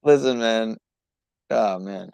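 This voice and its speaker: A man's voice: on the low side, slow, creaky, clean tone, no room sound. Rambling, hesitant podcast host man. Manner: rambling, hesitant, trailing off quietly. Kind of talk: casual livestream chat.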